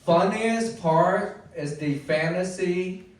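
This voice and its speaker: A man hosting an open mic, easygoing and unhurried as he reads out comments and introduces acts. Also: high voice, a little hiss or hum. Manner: slow, easygoing. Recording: echoey room from far off.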